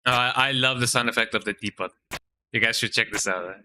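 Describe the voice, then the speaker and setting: A man's voice: mid-range voice, a little fast, sharp tone, a little hiss or hum. A man casually commenting while he plays a video game and joking around with his viewers. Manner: jokey, tags lines with playful asides. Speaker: streamer. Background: game music.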